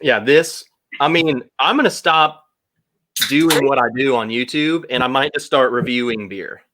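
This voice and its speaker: A man's voice: mid-range voice, measured pace, bright, forceful tone. A man joining a casual livestream chat as a guest, teasing and bantering in a playful, mock-suspicious way.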